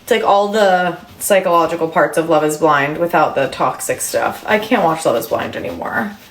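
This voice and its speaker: A woman's voice: low-pitched, lively intonation, normal speed. Chatty woman livestreaming in an echoey room. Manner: chatty, many fillers, answers viewer comments. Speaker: livestream host. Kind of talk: casual livestream chat with viewers.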